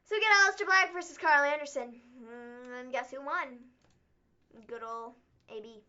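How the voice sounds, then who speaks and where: High, bright-voiced sarcastic woman host. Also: moderate pace. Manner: sarcastic, playful recapping. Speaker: co-host of a wrestling recap stream. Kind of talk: casual chat. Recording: muffled lo-fi stream audio.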